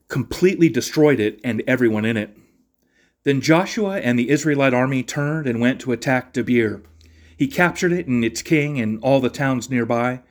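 A man reading a Bible passage aloud in a steady, measured cadence, then giving a short devotional reflection and prayer as a podcast host. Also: mid-range voice.

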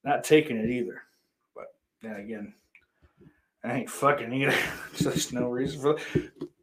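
A man hosting a casual livestream podcast, reading viewer comments aloud and cursing a lot, sarcastic, his voice swinging between loud and quiet. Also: medium pitch, normal speed, background noise. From Irish heritage. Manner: profane, sarcastic, with big swings in loudness.

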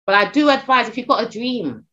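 A middle-aged woman, a talent agent and podcast guest, chatting casually in an animated storytelling way with many restarts and fillers. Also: a little high, fairly quick, dull audio.

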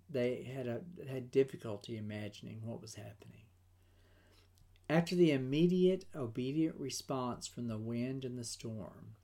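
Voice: mid-range voice, darkish tone. Earnest Bible study teacher reading a lesson. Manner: earnest, emphatic, reads with occasional restarts. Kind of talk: scripted devotional teaching.

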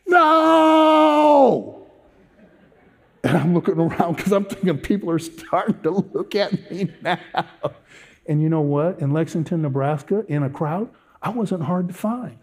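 Animated storytelling man, mellow voice. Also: fairly high pitch, normal speed. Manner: animated storytelling, self-mocking humor. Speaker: pastor. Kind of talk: personal testimony from the pulpit.

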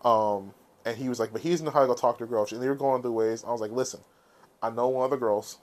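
A man co-hosting a podcast, telling stories in a casual, animated way and swearing freely. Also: mid-range voice, fast. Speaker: podcast co-host. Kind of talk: casual chat.

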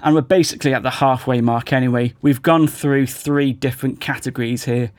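Hoarse man podcasting, dry sound. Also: medium pitch, fairly even intonation, a little fast, darkish tone, no room sound. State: losing his voice. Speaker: podcast host. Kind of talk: analytical commentary.

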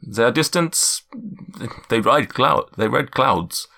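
A man voicing a kindly, worried male cloud giant in a put-on German accent, speaking slowly in drawn-out, solemn pronouncements. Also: mid-range voice, expressive, creaky, pushed and bright, heavily acted. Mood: explaining. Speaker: game master.

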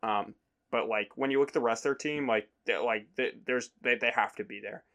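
A man's voice: mid-range voice, fairly quick, fairly bright tone. A man hosting a podcast, talking loosely and joking, with fillers and the odd swear. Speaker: podcast host. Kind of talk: casual sports chat.

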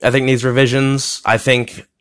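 A man's voice: mid-range voice, level tone, moderate pace, fairly bright tone, clean tone. A young man talking casually on his own podcast from his bedroom, rambling with plenty of fillers, restarts and swearing. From United States. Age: young adult. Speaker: podcast host. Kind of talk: rambling solo podcast talk.

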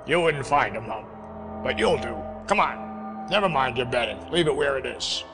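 A hard, curt sea captain who gives orders without wasting a word, voiced by a man reading a novel aloud. His pitch rises and falls freely over a long, reverberant echo. Music sits clearly under the reading. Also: expressive, normal speed. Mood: commanding. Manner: curt, commanding. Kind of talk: audiobook reading.

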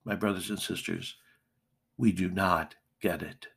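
A middle-aged male pastor preaching a sermon, slow and deliberate with emphatic pauses. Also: low voice, steady tone, creaky, a bit bright, breathy edge.

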